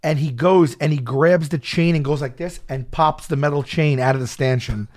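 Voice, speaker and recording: A man telling a story in a casual chat, stammering and loudly acting out the people in it. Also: on the high side, moderate pace. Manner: animated, acts out a shouting wrestler and his own stammering. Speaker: storyteller guest.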